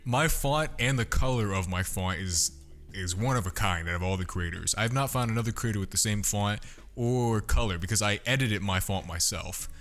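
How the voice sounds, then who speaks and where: A young man with a low voice chats on a podcast, brash and boastful, swearing freely as he talks about his work. His delivery is blunt and cocky. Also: moderate pace, fairly bright tone. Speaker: podcast guest, content creator. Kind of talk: casual podcast chat.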